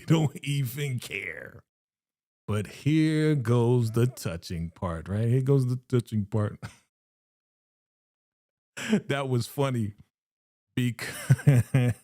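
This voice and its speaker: Animated man hosting a live reaction. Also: medium pitch, no room sound, clean studio sound. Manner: animated, laughing, chatty, repeats himself. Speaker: live-stream reaction host. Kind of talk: excited live reaction recap.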